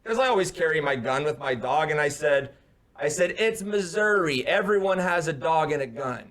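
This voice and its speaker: Animated young man telling a story. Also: fairly high pitch, a little fast. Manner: animated storyteller, acts out the other man's shouted lines. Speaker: podcast co-host. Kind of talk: casual storytelling chat. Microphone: headphones on, remote call.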